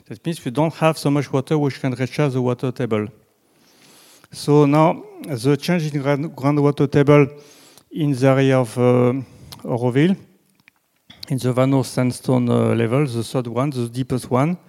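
A man with a French accent, a native French speaker, giving a slow, halting presentation with slides and frequent restarts. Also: medium pitch, steady tone, dark tone. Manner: halting, many restarts and fillers, deliberately slow. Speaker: presenter on groundwater.

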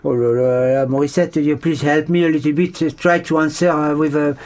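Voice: medium pitch, fairly even intonation, a little mellow. Interviewer hamming it up, lots of uh and oh la la, jokey fake interview. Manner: theatrical, exclaiming, halting with fillers. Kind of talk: comic mock interview.

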